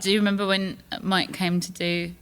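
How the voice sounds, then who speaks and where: A woman's voice: mid-range voice, level tone, fairly quick, a bit bright, smooth. A woman hosting a podcast, reminiscing enthusiastically and laughing often in casual chat. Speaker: podcast host.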